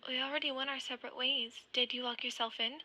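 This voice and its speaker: A woman voicing a concerned teenage boy speaking quickly and hushed, in a soft-spoken ASMR fanfic reading. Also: sits high, level tone, slight background noise, rough recording. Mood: urgent.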